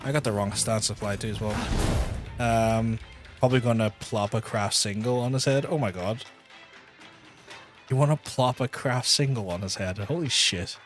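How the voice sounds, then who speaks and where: A man's voice: on the low side, moderate pace, soft background music. A man with a Belfast accent chatting casually while streaming a game, joking and swearing freely. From Northern Ireland.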